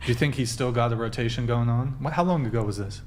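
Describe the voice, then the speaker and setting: A man's voice: mid-range voice, quick pace, slight background noise. Blunt teasing male podcast host. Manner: blunt, teasing, swears freely. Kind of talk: casual podcast chat.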